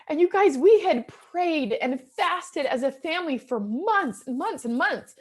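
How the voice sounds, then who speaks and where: A woman's voice: high-pitched, a little slow, hardly any pauses. A woman in her thirties, a real estate investor, telling an earnest and emotional personal story to an audience. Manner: emotional, earnest storytelling that swings from hushed to excited.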